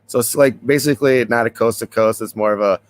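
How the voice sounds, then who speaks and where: A man's voice: medium pitch, quick pace. A man hosting a casual podcast, talking loosely and rambling with frequent chuckles. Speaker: podcast host.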